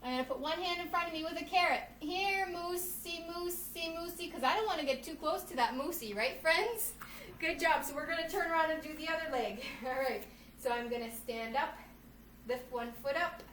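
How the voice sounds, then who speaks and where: Playful female kids' yoga teacher, high voice, mic set back in a roomy space. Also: a little fast, far from the mic, slight background noise. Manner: animated, playful, addresses children as friends. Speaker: children's yoga instructor. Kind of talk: storybook reading with guided kids' yoga. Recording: echoey room, voice off-mic.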